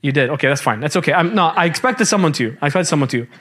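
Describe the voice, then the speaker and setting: High-voiced lively man teaching a class. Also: very fast. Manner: lively, quizzing the class, casual slang. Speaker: Quran teacher. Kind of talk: classroom lecture.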